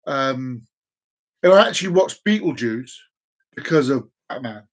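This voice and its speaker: Hosting a relaxed live stream from his home desk, a man in his forties speaks in a mid-range voice at a measured pace, though the audio is poor. He's playful and chaotic, repeating and stretching his phrases and suddenly whooping with excitement.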